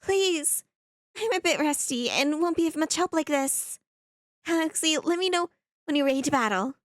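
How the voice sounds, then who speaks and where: A woman's voice: sits high, expressive, normal speed, no echo, studio quality, pitched above the performer's own voice. A woman voicing a dreamy, scatterbrained young artist in a game, with French words dropped into her speech. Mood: eager.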